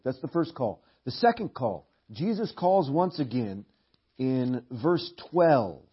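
A middle-aged man preaching a sermon in church, animated, often repeating words and clearing his throat, on a dull lo-fi recording. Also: medium pitch, slow.

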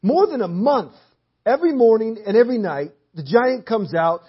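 A man with a high, husky voice preaches in church, a little hoarse and clearing his throat. He builds earnest emphasis through repeated rhetorical questions. The dull, lo-fi recording takes the edge off his voice. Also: sing-song, normal speed. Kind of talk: sermon with Bible reading. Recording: dull lo-fi audio.

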